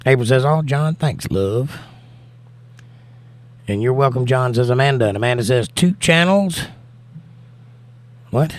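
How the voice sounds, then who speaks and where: This American host is going through viewer comments on a casual livestream, reading and answering them while tired from not having slept. His medium-pitched voice is expressive and unhurried, and he pauses often.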